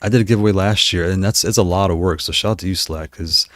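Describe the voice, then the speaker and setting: A man chatting casually with his live-stream viewers while playing, thinking aloud with many restarts, his voice slightly hoarse. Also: low-pitched, quick pace, fairly bright tone, no echo, studio quality.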